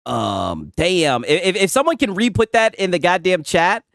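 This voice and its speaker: Excitable man with big pitch swings. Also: moderate pace, vocal fry, dry recording, clean studio sound. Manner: excitable, swears often, laughs a lot. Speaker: gaming reaction streamer. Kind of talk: casual reaction commentary.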